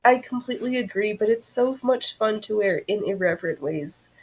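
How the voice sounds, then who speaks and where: A woman hosting a casual chat while sewing, playful and expressive, laughing often. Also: mid-range voice, normal speed, breathy edge, low-quality recording. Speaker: host.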